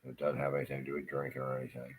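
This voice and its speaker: A man with an extremely low, deep voice delivers a rambling, profane and agitated rant. He is middle-aged and in pain, and his talk swings between bitter muttering and shouted curses. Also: monotone, very fast. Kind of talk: angry ranting monologue.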